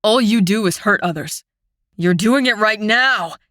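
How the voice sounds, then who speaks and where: A woman's voice: medium pitch, unhurried, fairly bright tone, dry recording, clean studio sound, close to an everyday voice. A woman voicing a bitter, scornful young male fairy in an audiobook, speaking with scoffing, sneering contempt.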